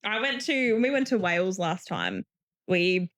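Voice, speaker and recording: A woman's voice: mid-range voice, sing-song, moderate pace, a bit bright. A young woman with an Australian accent co-hosting a podcast, joking and laughing often. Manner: laughs often, chimes in with jokes. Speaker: podcast co-host. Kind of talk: casual chat.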